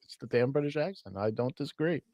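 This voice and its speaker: A man's voice: mid-range voice, animated, darkish tone. Chatty, rambling male radio host. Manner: rambling, dry, halting with fillers. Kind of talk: casual radio chat.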